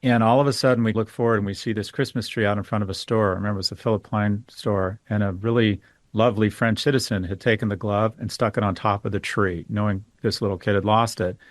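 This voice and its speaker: A man's voice: fairly low pitch, fairly even intonation, quick pace, no echo, studio quality. A middle-aged man, a guest on a podcast interview, speaking in a candid, opinionated way and telling stories. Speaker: guest financial expert.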